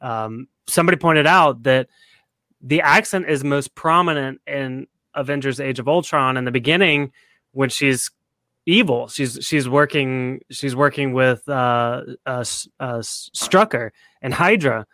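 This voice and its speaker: A man's voice: medium pitch, measured pace, bright, forceful tone, no room sound. A man co-hosting a podcast in casual chat, laying out his theories step by step. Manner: analytical, lays out theories step by step. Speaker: podcast co-host.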